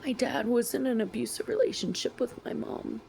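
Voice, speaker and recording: A young woman vlogging a personal story, slow and emotional, sometimes dropping to a whisper. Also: fairly high pitch, lively intonation, vocal fry, mellow, slight background noise, poor audio.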